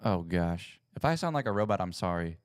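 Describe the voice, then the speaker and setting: A man's voice: low-pitched, big pitch swings, brisk, clear, resonant tone, dry recording, clean studio sound. A young man, rambling casually as the host of his own sports livestream. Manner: rambling, self-correcting, chatty. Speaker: podcast host. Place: home setup at a computer.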